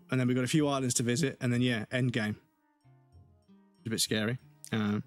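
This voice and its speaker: A man livestreaming a video game, talking to his chat in a loose, rambling way. He swears freely and laughs often, at a middle pitch. Faint game music plays behind him. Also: dry recording. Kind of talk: casual gameplay livestream chat.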